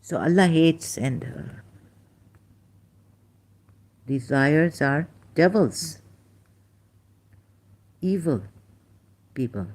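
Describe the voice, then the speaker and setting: A woman giving an informal critical commentary monologue, rambling and halting, with many restarts and rhetorical questions. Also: low-pitched, expressive, a little mellow. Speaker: online commentator.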